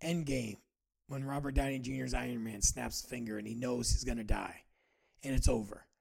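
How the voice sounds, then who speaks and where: A man in his forties hosting a podcast, talking earnestly and haltingly about his own feelings, often restarting his sentences. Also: mid-range voice, fairly even intonation, vocal fry, a little mellow, slightly rough. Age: 40s. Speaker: podcast host. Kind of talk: personal reflective monologue.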